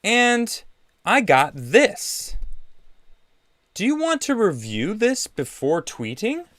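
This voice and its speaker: A man hosting his own livestream show, talking casually in a sarcastic, animated and defensive way, often laughing. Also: high voice, slow pace, dry recording, clean studio sound. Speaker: show host. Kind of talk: casual solo livestream talk. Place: vacation home.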